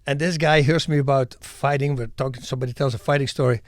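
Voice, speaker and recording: Middle-aged man, animated and emphatic storyteller, dry close sound. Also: medium pitch, quick pace, no room sound. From Netherlands. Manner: animated, emphatic storyteller who acts out scenes. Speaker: guest. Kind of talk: podcast interview storytelling.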